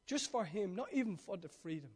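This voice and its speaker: A man delivering a sermon in a high voice. He urges his listeners loudly, then sinks to soft, intimate near-whispers. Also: brisk, slightly rough. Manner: animated, swings from loud urging to hushed near-whisper. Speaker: preacher.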